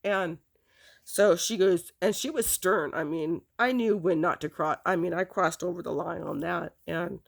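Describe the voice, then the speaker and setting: Woman telling her own story, kinda rambly and halting, chuckles here and there. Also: lowish voice, creaky. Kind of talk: personal storytelling.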